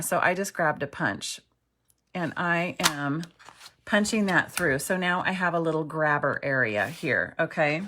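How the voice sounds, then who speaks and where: A woman's voice: low voice, normal speed, background noise. A middle-aged woman teaching a card-making craft tutorial, chatty and self-deprecating, often checking in with "okay". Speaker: craft instructor.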